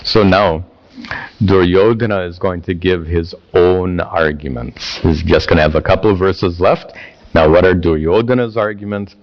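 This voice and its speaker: A man teaching a scripture class, animated and playful, acting out the lines of the text. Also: sits low, moderate pace. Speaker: spiritual teacher. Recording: dull lo-fi recording.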